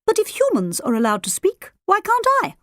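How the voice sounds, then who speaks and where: A woman's voice: very high-pitched, wildly swooping pitch, a little fast, a bit bright, no room sound, clean studio sound, voice pushed up, exaggerated voice. A woman doing a fussy, complaining talking rat. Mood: indignant. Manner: weak, tired, complaining. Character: indignant talking pet rat, fussy and proper.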